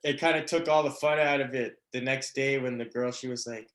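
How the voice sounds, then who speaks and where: A man's voice: mid-range voice, flat delivery, a little fast, few pauses, a bit bright. A man doing a stand-up comedy set, rambling with lots of fillers and laughing at his own jokes. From Canada.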